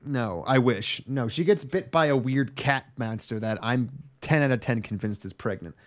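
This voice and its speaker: A man's voice: medium pitch, moderate pace. A man co-hosting a podcast, recapping an anime in casual, joking, profane chat. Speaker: podcast co-host reviewing an anime.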